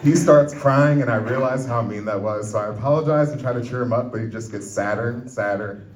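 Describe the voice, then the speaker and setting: A man performing a pun-filled stand-up routine on a comedy club stage, telling a story and putting on quick voices for his family. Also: medium pitch. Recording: roomy club recording from far off, loud crowd.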